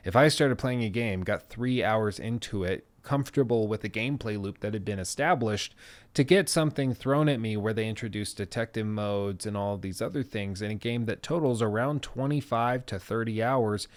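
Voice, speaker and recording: A man's voice: lowish voice, normal speed. A man giving scripted commentary with casual, self-deprecating asides, in an analytical, conversational way. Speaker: video essayist.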